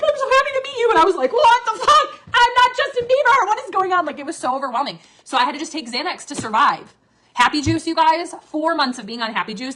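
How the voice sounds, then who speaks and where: A woman with a mid-range voice talks in a loose, unscripted rant. She swears constantly and lurches between shrill, loud bursts and quiet, mumbled asides. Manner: profane, animated, jumps between loud outbursts and low asides. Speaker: former MLM leader. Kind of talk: casual livestream rant.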